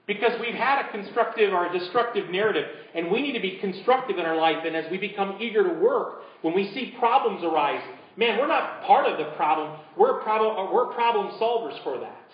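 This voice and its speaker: A man preaching a sermon as pastor, building to emphatic peaks and dropping to hushed prompts for the congregation. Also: high voice, animated, fairly quick, few pauses, a little hiss or hum. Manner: drops to a hushed voice leading a congregation. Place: church sanctuary. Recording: roomy, dull church recording.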